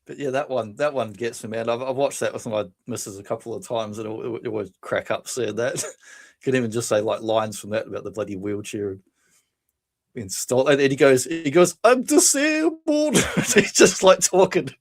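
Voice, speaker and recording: Lively storytelling man. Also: mid-range voice, fairly quick. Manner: animated storytelling, laughs often, acts out quotes. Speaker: podcast co-host. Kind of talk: casual chat.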